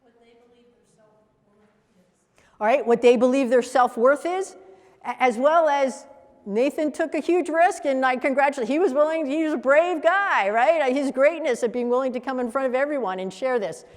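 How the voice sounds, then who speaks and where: A woman's voice: high-pitched, moderate pace. Woman teaching a workshop in an echoey hall. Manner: animated, acts out example voices. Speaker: coach trainer. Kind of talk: workshop teaching to a live group.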